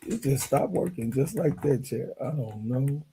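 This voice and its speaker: Gravelly, heated man in his fifties. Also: medium pitch, moderate pace, very noisy. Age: 50s. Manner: animated, heated, laughing, swearing freely. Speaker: sports vlogger. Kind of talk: casual ranting commentary.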